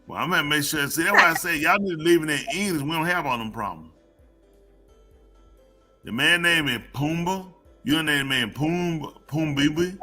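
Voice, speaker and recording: A man's voice: fairly high pitch, normal speed, pushed and bright, soft background music. A man co-hosting a podcast in comedic casual chat, teasing his guest and bursting into laughter. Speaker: podcast co-host.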